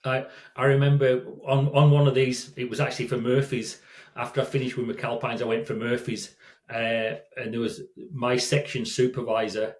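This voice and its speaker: A man's voice: mid-range voice, level tone, normal speed. Older man telling rambling stories. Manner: rambling, many restarts and self-corrections. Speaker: guest. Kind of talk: casual storytelling. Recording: roomy echo.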